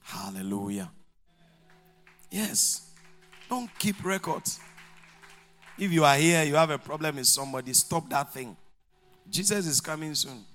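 A man's voice: a little high, a little slow, pauses often, soft background music. A male pastor preaching a sermon, telling stories and acting out the dialogue. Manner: animated storytelling, acting out dialogue, laughing along.

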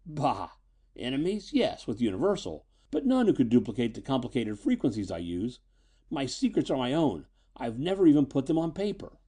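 A man's voice: mid-range voice, wildly swooping pitch, moderate pace, warm tone, husky. A man voicing a frantic, agitated older male scientist, pleading and exclaiming.

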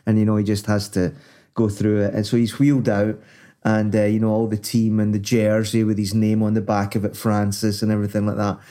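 A Scottish man chatting on a podcast in a mellow, warm voice. He tells rambling stories and swears casually. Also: on the low side, completely flat delivery, fairly quick. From Scotland. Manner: rambling anecdotal storyteller, swears freely. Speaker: podcast co-host.

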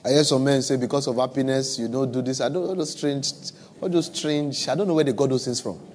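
A male preacher with a West African accent speaks to his congregation in an easy storytelling way. His voice sits in a middle pitch, and he repeats lines for effect. A faint hum of room ambience sits underneath. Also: a little fast, darkish tone. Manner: conversational storytelling with humor, repeats phrases. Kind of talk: sermon. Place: church with live and online audience.

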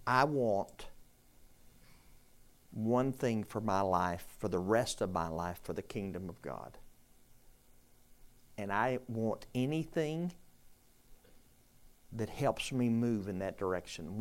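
A man's voice: on the low side, animated, slow pace, long pauses. A man leading a conversational sermon as pastor, repeating questions and inviting the group to answer.

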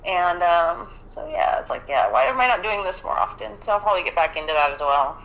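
A woman chatting as a guest, excitable and quick to laugh, swearing freely. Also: lowish voice, lo-fi sound. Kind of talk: casual chat.

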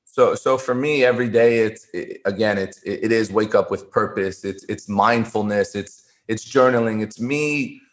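A man's voice: fairly low pitch, moderate pace. A man, a former poker player, talking as an interview guest, earnest and given to repeating words and restarting. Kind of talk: conversational interview storytelling.

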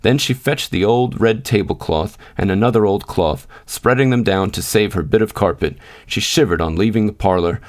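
Low-voiced man reading a story. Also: moderate pace, hardly any pauses. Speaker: podcast host and reader. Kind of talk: scripted narration.

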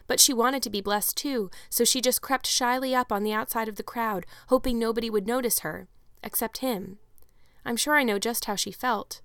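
A woman's voice: on the high side, fairly bright tone, no room sound, studio quality. A woman reading the part of a dreamy, talkative orphan girl in an audiobook, with gushing, imaginative run-on chatter. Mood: wistful.

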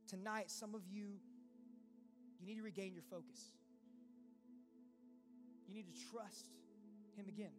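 A pastor preaching a sermon in an earnest, conversational way, full of rhetorical questions. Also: male voice, sits high, fairly even intonation, a little slow, pauses often. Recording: long reverb with faint music behind.

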